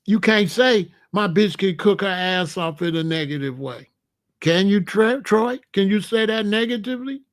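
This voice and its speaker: A high-voiced man hosts a livestream at a moderate pace, sounding animated as he lectures his chat viewers. His delivery is preachy and repetitive, with phrases said again and again.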